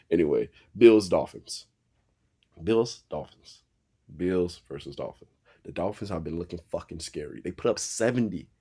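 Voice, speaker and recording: A young man with a low, deep voice and a warm, mellow tone talks football picks. He is casual and profane, swears freely, and trash-talks the teams as he goes. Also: breathy edge. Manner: profane, animated, trash-talking. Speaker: sports talk host. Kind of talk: casual sports talk.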